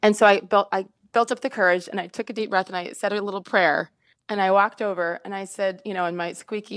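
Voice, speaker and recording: A woman in her fifties from Indiana, a sportscaster telling a story as a podcast guest, quick and animated, laughing often and restarting her sentences. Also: medium pitch, dry recording. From Indiana, USA.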